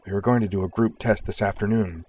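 A man's voice: on the low side, fairly even intonation, fast, a little mellow, husky. A man voicing a frightened middle-aged technician. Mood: scared whisper. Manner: frightened whispering.

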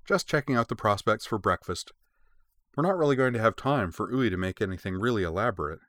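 A man's voice: on the low side, animated, a bit bright, no echo, clean studio sound. A man voicing a cheerful, chatty sixteen-year-old girl. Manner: bubbly, quick.

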